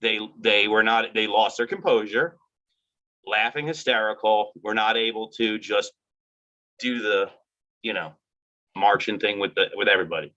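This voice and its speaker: A man telling stories in casual chat on a video call, animated and acting out the voices of people he met. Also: fairly low pitch, normal speed. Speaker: cannabis activist in costume. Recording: dull lo-fi video call audio.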